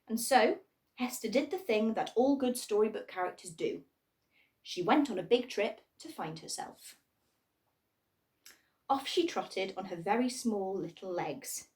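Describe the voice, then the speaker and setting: A woman reading a children's storybook aloud in a playful, expressive way. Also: medium pitch, unhurried, long pauses, far from the mic.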